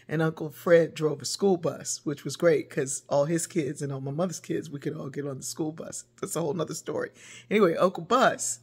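An older woman with a gravelly, husky voice tells stories from her own family. She talks in a lively, animated way, laughs often and breaks into the voices of her relatives. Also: low-pitched. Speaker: speaker telling a personal story. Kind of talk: personal storytelling.

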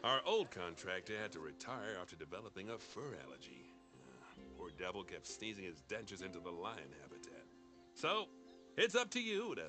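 A man's voice: on the low side, bright, forceful tone. An actor playing a jovial middle-aged male zoo owner who guides the player, chatty and chuckling. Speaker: tutorial guide character. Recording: game music behind voice.

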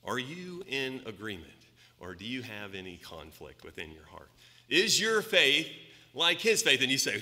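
An American man preaching a sermon in a church, emphatic, asking rhetorical questions, his voice swinging between loud and soft. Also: mid-range voice, big pitch swings, normal speed. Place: church sanctuary. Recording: long reverb of a church hall.

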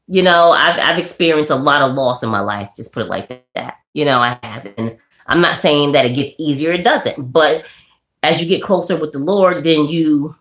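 Woman chatting on a livestream, low voice. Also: moderate pace, a bit bright. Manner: laughs often, swings from low and somber to high and bubbly. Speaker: livestream host. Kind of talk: casual livestream chat with viewers.

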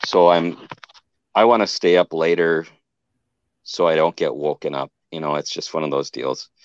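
Low-voiced man rambling through an eerie story. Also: steady tone, moderate pace, clean tone, no room sound, lo-fi sound. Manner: rambling, restarts and self-corrections. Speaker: guest telling an encounter. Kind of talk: casual storytelling.

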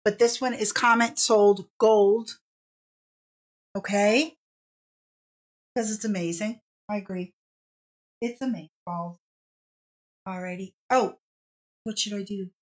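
A woman's voice: mid-range voice, steady tone, slow, pauses often. A woman hosting a casual live fabric sale stream, bubbly and chatty, stretching out each product name as she shows it.

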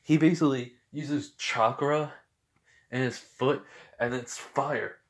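Young male storyteller, improvised and rambling, filler-heavy, mid pitch. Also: fairly even intonation, slow pace. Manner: rambling, full of fillers and self-corrections. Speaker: fan fiction storyteller.

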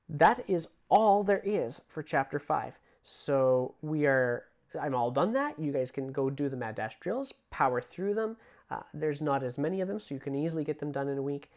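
A man teaching a casual online music theory lesson, relaxed and chatty, singing rhythms aloud as he explains them. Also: medium pitch.

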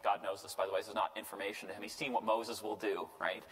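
A man, a priest, giving a casual Bible lecture, lively and joking, often tagging lines with "right?" and acting out quotes. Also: lowish voice, fast, faint music behind. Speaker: priest teaching a Bible class. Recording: echoey hall reverb.

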